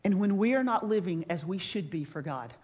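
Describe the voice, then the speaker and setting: A woman preacher retelling a scripture story in a sermon, with animated storytelling that swings from loud to hushed. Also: fairly low pitch, brisk.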